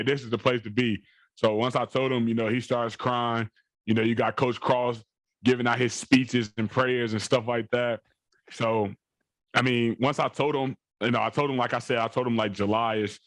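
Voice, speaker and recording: Young male athlete guest with a lowish voice, talking in a loose, repetitive, rambling way. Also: no room sound. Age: young adult. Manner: rambling, repeats phrases and fillers. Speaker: college football player guest. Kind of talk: interview storytelling.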